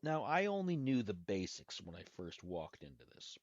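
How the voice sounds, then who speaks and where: A man with a lowish, very animated voice speaks at normal speed while hosting his own podcast. He rambles in a loose, casual way, with restarts and asides, over a dry, dull lo-fi recording with no echo.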